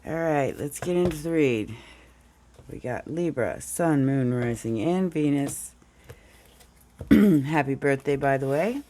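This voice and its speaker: Lady doing a tarot read, kinda under the weather, morning voice, slow and rambly. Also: low-pitched, lively intonation, warm tone, slight background noise. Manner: meandering, talks through the cards as she goes. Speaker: tarot reader. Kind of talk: casual tarot reading.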